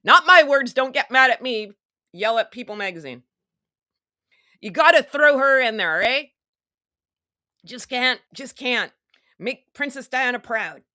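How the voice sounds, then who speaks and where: A woman's voice: fairly high pitch, expressive, a little slow, long pauses, bright, forceful tone, dry recording, studio quality. A woman hosting a casual live stream, talking in a sarcastic, rambling, chatty way. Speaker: online show host.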